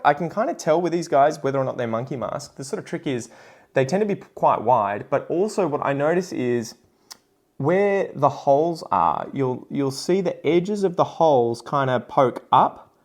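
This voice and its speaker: A man's voice: fairly high pitch, expressive, normal speed. A middle-aged man with an Australian accent, hosting a casual vlog and talking in a loose, rambling way, often correcting himself. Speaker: host. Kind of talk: casual plant-selling vlog.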